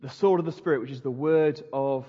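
Male pastor, earnest conversational sermon, husky tone, echoing church hall. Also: medium pitch, fairly quick. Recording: dull lo-fi sound in a reverberant hall.

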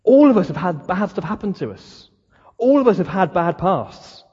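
A man's voice: high voice, big pitch swings, normal speed, breathy edge. A man preaching a sermon, talking conversationally and asking the listeners many questions. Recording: dull lo-fi sound, long hall reverb.

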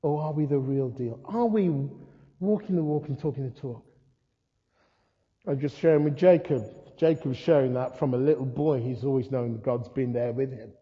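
An older man preaching a sermon, telling stories with humor and lively asides. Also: medium pitch, moderate pace. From England. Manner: storytelling, humorous, animated asides. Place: church hall. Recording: muffled sound in a reverberant hall.

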